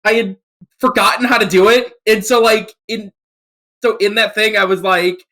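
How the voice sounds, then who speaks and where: Voice narrator guest, mid-pitched, animated storyteller, laughs a lot. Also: normal speed. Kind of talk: casual podcast chat.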